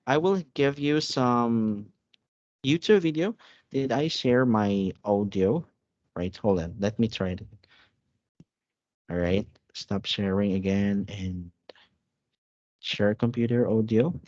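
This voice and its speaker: Slow-talking man tutoring online. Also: mid-range voice, no echo. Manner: halting, repetitive explaining with light laughs. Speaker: English tutor. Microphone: computer mic on a video call. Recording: dry, dull video call audio.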